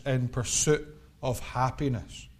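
A man's voice: medium pitch, fairly even intonation, slow pace, a little mellow, breathy edge. A middle-aged man preaching an evangelistic sermon, building his points through impassioned, repetitive cadences.

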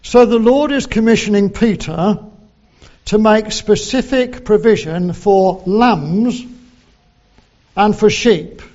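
A man preaching a sermon, slow and deliberate, quoting scripture in old English. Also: high-pitched, darkish tone, highs cut off.

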